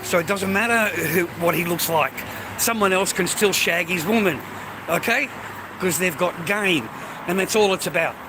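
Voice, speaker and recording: A man's voice: sits high, moderate pace, noisy background. Rambling man in the street. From Australia. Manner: rambling, profane, blokey. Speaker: vlogger. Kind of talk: casual street vlog. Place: outdoors by a street, food stall.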